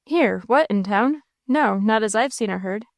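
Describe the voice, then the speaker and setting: A woman's voice: a little high, animated, normal speed, dry recording, studio quality. A woman reading the part of a big red-faced country innkeeper who speaks in a folksy rural dialect. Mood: blunt.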